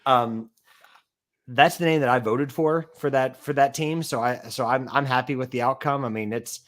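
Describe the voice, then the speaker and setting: A man's voice: medium pitch, normal speed, fairly bright tone. A man co-hosting a casual sports stream, explaining at length with many "I mean" and "you know" fillers. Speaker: co-host.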